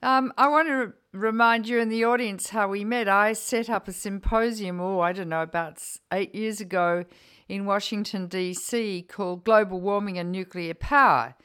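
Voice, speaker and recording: A woman's voice: medium pitch, a bit bright, smooth. Older woman hosting a radio interview. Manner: earnest, measured, re-enacts quotes. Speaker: radio show host.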